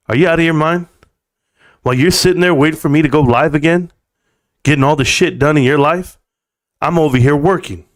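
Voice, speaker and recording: Man, live stream host, high-pitched, dry room sound, ranting, blunt, emphatic. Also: no room sound. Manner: fired-up, swings from calm to loud and emphatic; blunt, swears freely. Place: room at home.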